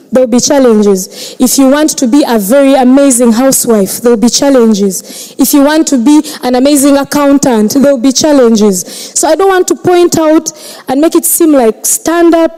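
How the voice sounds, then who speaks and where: A woman's voice: high-pitched, mellow, low-quality recording. A woman comedian answering audience questions on stage in a joking, self-deprecating conversational way.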